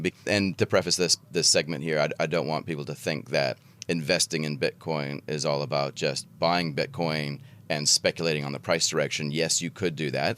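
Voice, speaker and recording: A man with a very low, deep voice hosts a podcast conversation. He keeps things casual and playful, slipping in jokes and laughing as he goes. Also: a bit bright. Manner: jokey, playful, laughs often. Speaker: podcast host. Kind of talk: casual interview chat.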